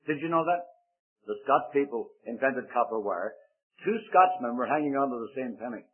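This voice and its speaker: An older man from Belfast with a Northern Irish accent, preaching a sermon to a congregation in a fast, emphatic way and joking with his listeners. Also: medium pitch, expressive. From Belfast, Northern Ireland. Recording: tinny, phone-like lo-fi recording.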